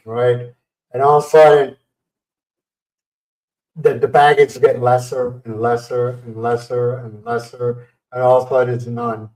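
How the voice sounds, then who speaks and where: A man hosting a casual livestream who tells stories in a lively way and acts out what people said. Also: mid-range voice, moderate pace. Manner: animated storyteller acting out quotes. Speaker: livestream host. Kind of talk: casual storytelling chat. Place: home livestream setup. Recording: roomy sound from a distant mic.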